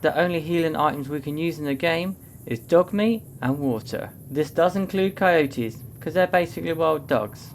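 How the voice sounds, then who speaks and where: A young man narrating a game run with cheeky, jokey commentary and plenty of self-mockery. His voice sits a touch high. Faint hiss and room noise can be heard behind him. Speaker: gaming YouTuber. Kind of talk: comedic gameplay commentary.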